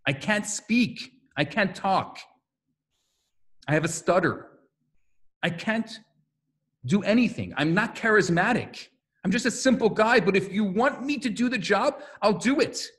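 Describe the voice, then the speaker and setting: A man's voice: sits high, expressive, unhurried, pauses often, a bit bright. A man voicing a humble, reluctant prophet who pleads earnestly that he is not the right one for the job. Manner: earnest, self-effacing pleading. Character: humble reluctant male prophet, plain-spoken.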